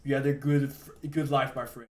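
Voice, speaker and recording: A young man from Quebec with a Québécois French accent, chatting on a live stream, excitable and stammering, laughing often. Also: mid-range voice, normal speed, noisy background. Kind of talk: casual live-stream chat. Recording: echoey room with faint music.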